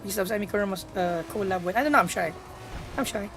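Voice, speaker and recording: A woman's voice: medium pitch, fairly quick, faint music behind. A young woman, chatting playfully to her live-stream audience while gaming and laughing often.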